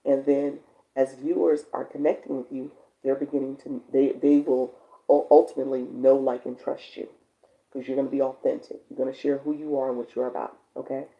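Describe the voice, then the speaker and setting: A woman's voice: a little fast, vocal fry, lo-fi sound. A woman hosting a live stream as a coach, chatting casually and encouragingly with her viewers and reading their comments aloud. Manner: encouraging, chatty, bursts into high excited laughter.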